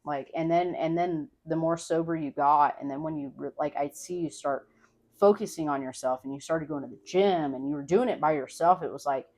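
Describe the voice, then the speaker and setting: A young woman with a notably low speaking voice talks frankly as a podcast guest. Her speech rambles in loose, casual sentences full of "like" and offhand swearing. The tone stays relaxed and conversational. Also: a little fast. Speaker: podcast guest, host's wife.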